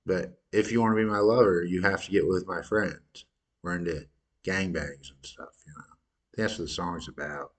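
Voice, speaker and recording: Deep-voiced man with wry commentary. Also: steady tone, moderate pace. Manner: wry, crude, self-correcting. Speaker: podcast host. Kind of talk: comic commentary between clips.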